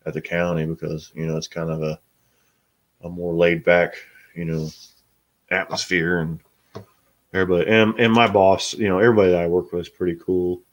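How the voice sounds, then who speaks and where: A man's voice: deep voice, little pitch movement, a little fast, long pauses. A middle-aged man hosting a casual live stream, talking bluntly and swearing freely. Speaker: host.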